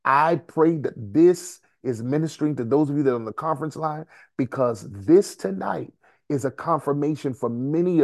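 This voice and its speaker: Man, preacher, fervent sermon, repeated phrases, sudden shouts, mid-pitched voice, dry close sound. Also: dry recording. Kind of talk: sermon to a conference line.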